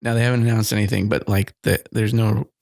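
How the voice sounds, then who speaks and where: A man's voice: lowish voice, little pitch movement, fast, vocal fry, darkish tone, dry recording, studio quality. A man co-hosting a podcast in casual chat, rambling and laughing often. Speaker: podcast co-host. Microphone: studio mic.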